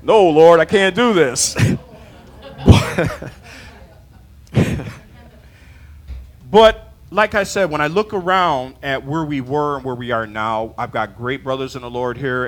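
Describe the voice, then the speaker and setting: A man preaching a sermon to his church, animated and laughing, acting out his talks with God. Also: medium pitch, moderate pace, few pauses. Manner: animated, acts out dialogue with God, laughs often.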